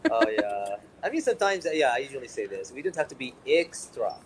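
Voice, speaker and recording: A man's voice: mid-range voice, big pitch swings, over a noisy crowd, rough recording. A man hosting a live online chat, joking and switching between languages, with many filler sounds when he speaks English. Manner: rapid-fire, jokey, hesitant with many uh fillers in English. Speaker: host of a live English practice stream. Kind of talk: bilingual casual live-stream chat.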